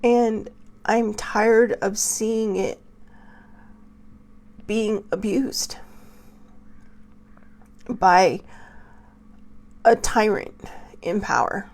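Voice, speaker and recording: A woman show host with a gravelly, medium-pitched voice speaks slowly in emotional personal commentary. Tearful and angry, she's impassioned and pausing, swinging between soft whispers and raised outbursts.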